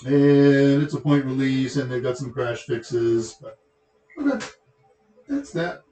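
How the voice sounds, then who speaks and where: A man's voice: medium pitch, lively intonation, slow pace, dark tone. Chatty Texan man in an echoey room. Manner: rambling, joking asides. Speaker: tech show host. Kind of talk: casual livestream chat.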